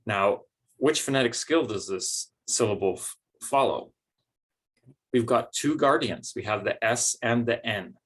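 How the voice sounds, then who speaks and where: A man's voice: mid-range voice, a little slow, fairly bright tone, husky. A man teaching a recorded phonics lesson, explaining patiently step by step with some fillers.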